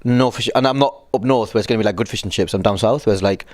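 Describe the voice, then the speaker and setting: A man's voice: on the low side, quick pace, darkish tone, no room sound, studio quality. A man from northern England, a comedian chatting casually as a guest, wry and self-deprecating. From Blackburn, northern England. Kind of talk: casual chat.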